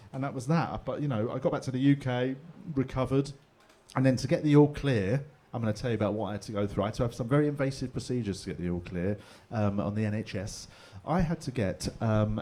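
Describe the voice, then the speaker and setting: A man, telling a story in a stand-up comedy set in a pub, animated and bursting into mock voices. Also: medium pitch. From England. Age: 40s. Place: pub comedy room with live audience.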